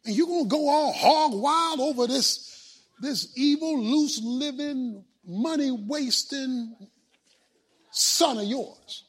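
A man voicing a resentful older brother who complains indignantly and shouts about being overlooked. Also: very high-pitched, slow pace, husky, heavily acted.

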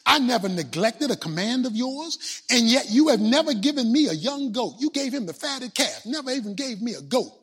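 A man voicing a resentful older brother who complains indignantly and shouts about being overlooked. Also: very high voice, expressive, normal speed, husky, full character voice. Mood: aggrieved shouting.

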